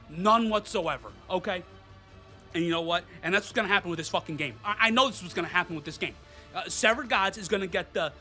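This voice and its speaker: A man's voice: sits high, lively intonation, brisk, pushed and bright, faint music behind. A man reviewing games, ranting in a profane, exasperated way. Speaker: game reviewer. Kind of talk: ranting game commentary.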